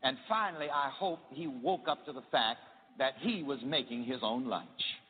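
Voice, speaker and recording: A man's voice: medium pitch, moderate pace, long reverb tail, phone-quality sound, slight background noise. A man preaching a sermon in call-and-response style, having the congregation repeat his lines.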